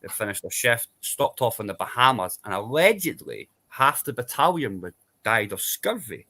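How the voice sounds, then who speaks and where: Bright-voiced Scottish man rambling on. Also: medium pitch, very animated, moderate pace. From Scotland. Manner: rambling explainer, tag questions like "yeah?". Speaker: panel guest. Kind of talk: casual chat.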